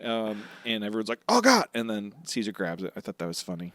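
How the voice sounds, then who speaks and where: A man co-hosting a podcast, recapping a comic casually and jumping into high voices for the characters' lines. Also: fast, dry recording, clean studio sound. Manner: animated storytelling, acts out characters' lines in sudden high voices. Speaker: podcast co-host.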